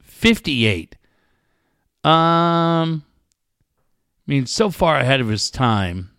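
A man's voice: on the high side, lively intonation, very slow, a bit bright, smooth, dry recording, clean studio sound. A man co-hosting a casual podcast, guessing aloud and swearing often in loose banter. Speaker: co-host.

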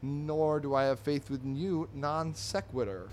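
A man hosting a comedy podcast, reading comic strips aloud in an animated way, laughing often and slipping into squeaky character voices. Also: slow pace, heavy background noise.

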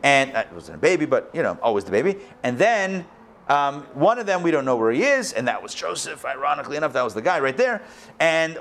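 Rabbi guy teaching a live class, swings up and down a lot, slightly high voice. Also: a little fast. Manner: animated storytelling, acts out quoted lines. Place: school hall, recorded live.

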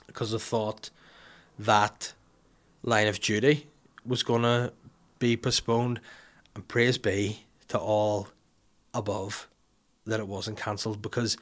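A man's voice: lowish voice, a bit bright. A man with a Northern Irish accent hosting a casual, joking, sweary chat. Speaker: podcast host.

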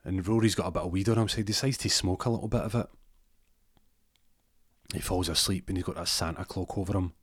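A man tells a rambling comic story, full of restarts and side remarks. His voice is very deep. The recording is close and dry. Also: fast, pauses often, husky, no echo.

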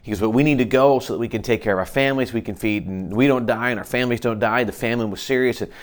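A man's voice: medium pitch, quick pace, clean tone. A man preaching. He reads scripture aloud and then explains it in a conversational way, often restarting his sentences. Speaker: pastor. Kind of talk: expository Bible teaching.

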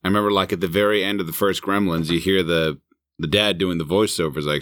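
A man with a low voice teases his co-hosts and swears through casual banter on a podcast. The sound is dry, close and plain. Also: fairly even intonation, quick pace, a bit bright, no room sound. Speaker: podcast co-host.

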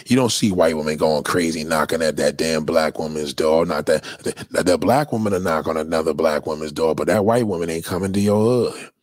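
A man's voice: a bass voice, a little fast, few pauses, a little mellow, no echo, studio quality. A man delivering a blunt, profane, opinionated monologue in a lecturing tone.

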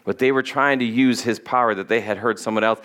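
A man's voice: mid-range voice, steady tone, fast, fairly bright tone. A man preaching a conversational sermon, reading scripture and acting out quoted lines in voices. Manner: casual, acts out quotes in voices. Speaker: pastor.

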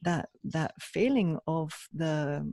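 Woman co-host, earnest reflective chat, gravelly tone, dry close sound. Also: low voice, animated, slow pace, warm tone, no echo. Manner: earnest, reflective, frequent restarts. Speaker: podcast co-host. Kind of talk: casual conversational chat.

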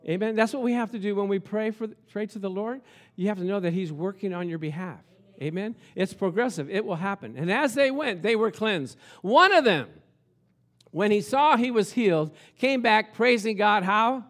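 A male pastor preaching a sermon, animated and storytelling, at times shouting. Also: high-pitched, moderate pace.

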